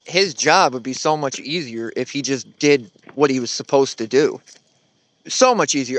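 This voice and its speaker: A man's voice: mid-range voice, lively intonation, moderate pace, dry recording. A man giving blunt, sarcastic commentary on a video clip.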